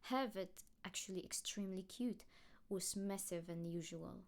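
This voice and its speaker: Woman, fan fiction reading, expressive, lively. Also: mid-range voice, moderate pace, gravelly.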